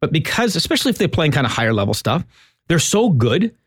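A middle-aged man co-hosting a podcast, telling animated stories about his kids' sports in casual chat. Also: fairly high pitch, breathy edge, no echo, studio quality. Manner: animated storyteller, quick and lively. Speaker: podcast co-host.

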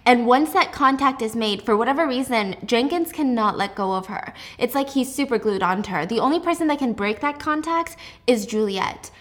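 A young woman hosting a casual book recap, telling the plot in a lively, chatty, sarcastic way. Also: fairly high pitch, normal speed, hardly any pauses. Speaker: host.

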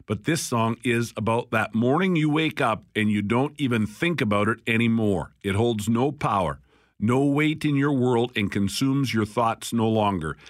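A man's voice: mid-range voice, no room sound. A male talk radio host speaks in an easy, conversational way, stopping often on "uh" as he thinks. His voice sits in a middle register. It comes across close and dry, straight from the studio mic. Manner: conversational, with frequent fillers. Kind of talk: casual talk radio hosting.

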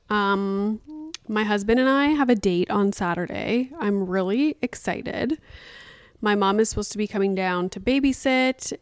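A woman, hosting a casual solo podcast in a chatty, animated way, full of fillers and asides. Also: mid-range voice, clean tone, dry recording, clean studio sound. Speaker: podcast host.

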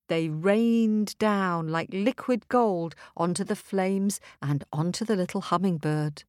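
A woman storyteller telling a folk tale in an expressive, rhythmic way. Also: on the low side, no room sound, clean studio sound. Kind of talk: storytelling for children.

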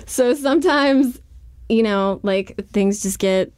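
A woman's voice: on the high side, slow, a little mellow, clear, resonant tone, no echo, clean studio sound. A woman author being interviewed, talking frankly and casually with lots of "like". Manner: chatty, frank, fills speech with "like". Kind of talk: candid conversational interview.

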